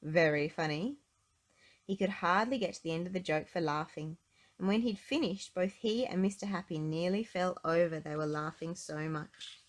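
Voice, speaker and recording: A woman reading a children's storybook aloud in an expressive, gentle way. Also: on the low side, normal speed. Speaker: storybook reader.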